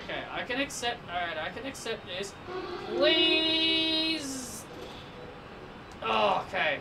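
A man's voice: high voice, expressive, a little fast, creaky. A man commenting on his own game as he plays, exasperated and repeating himself, pleading with and scolding the game. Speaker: let's play gamer. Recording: distant mic with faint background noise.

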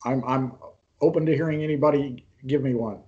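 A man teaching an online Bible interpretation class, retelling a story unhurriedly with pauses and restarts, and putting questions to his students. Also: mid-range voice, steady tone, darkish tone, dull audio.

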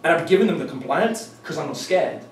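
A man tells a story to a seminar crowd, lively and foul-mouthed, putting on each character's voice. His voice sits slightly high. He is miked from a distance in a reverberant room with faint background noise. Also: quick pace. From London, England. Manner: animated, profane, acts out the people in his stories. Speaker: seminar presenter. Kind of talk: storytelling presentation to a live audience. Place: indoor meeting room with an audience. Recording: echoey room from a distant mic.

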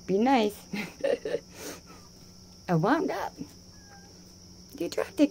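High sing-song woman cooing at pets. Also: sing-song, extremely slow, creaky, long pauses, a little mellow, husky. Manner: sing-song baby talk to pets, laughing often. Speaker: wildlife rehabilitator. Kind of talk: casual talk to animals while filming.

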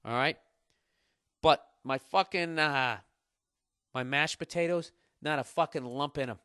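A man's voice: a little high, a little slow, bright, forceful tone, clear, resonant tone, no echo, studio quality. A man in his forties with a Boston accent, hosting a casual solo podcast and ranting in a profane, mock-aggressive, bragging way. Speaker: podcast host. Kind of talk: casual solo podcast rant reading listener email.

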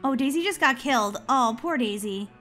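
A woman hosting a gaming channel, chatting excitedly through a video game and squealing when she is chased. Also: high-pitched, moderate pace, soft background music. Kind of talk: playing a video game with commentary.

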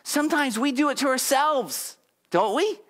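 A man's voice: extremely high pitch, animated, normal speed, a bit bright. A male pastor preaching a conversational sermon, leading the congregation in repeated affirmations. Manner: conversational, repetitive affirmations, audience call-and-response.

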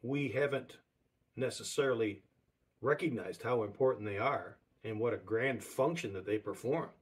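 A man preaching a sermon in a slightly husky, breathy voice at an ordinary pitch. He talks conversationally and circles back on key words again and again to drive his point home. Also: normal speed.

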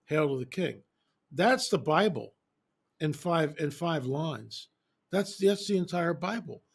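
A man speaking as an interview guest, telling stories in an animated, emphatic way and repeating phrases for effect. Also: on the high side, slow, vocal fry, husky. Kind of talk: casual interview storytelling.

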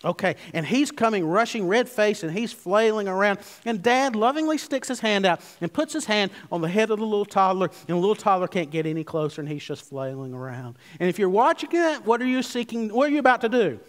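A male pastor preaching a sermon, emphatic, with loud stresses that fall away to hushed low asides. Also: animated, a little fast, few pauses, in a large hall. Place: church sanctuary.

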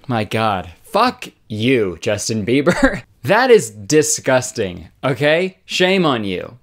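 Sarcastic young man ranting, lively pitch. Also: slow pace, over loud music. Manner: sarcastic, swearing, exaggerated rants. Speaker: YouTube commentator. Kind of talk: comedic commentary.

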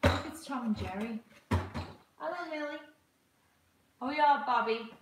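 A woman's voice: on the high side, moderate pace. Chatty woman, echoey room. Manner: chatty, talking to her baby and her viewers while opening gifts. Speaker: livestream host. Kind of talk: casual livestream chat. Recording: echoey room, far from the mic, noisy background.

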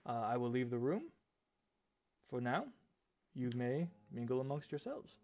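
A man's voice: medium pitch, animated, measured pace, darkish tone, highs cut off. A man voicing a formal older male butler in an attempted British accent, polite and stiff. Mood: courteous.

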